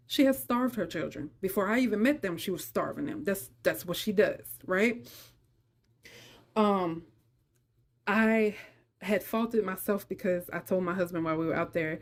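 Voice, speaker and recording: Speaking at a normal speed in a medium pitch, this middle-aged podcast host shares something personal from her own life. Her tone is emotional and chatty, aimed directly at the people listening.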